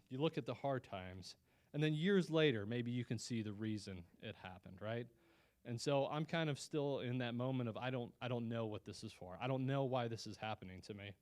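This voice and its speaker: A man's voice: medium pitch, a little mellow. A man giving a personal testimony as guest speaker at a Christian lunch meeting, telling his story in an earnest, conversational way with frequent restarts.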